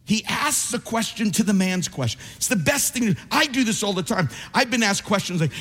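A pastor delivers his sermon in a lively, sweeping voice that climbs high and falls back low. He is a man whose tone sits well above the usual, and he acts out the voices of the people in his stories. His words ring out with the long reverb of a church hall. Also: normal speed, hardly any pauses, breathy edge. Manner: animated preaching, acts out quoted voices. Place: church sanctuary.

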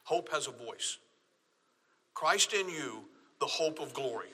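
Man, Texan accent, pastor, bright ringing tone, long hall echo. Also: mid-range voice, animated, takes it slowly, husky. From Texas. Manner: emphatic preaching, repeats phrases. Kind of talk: sermon.

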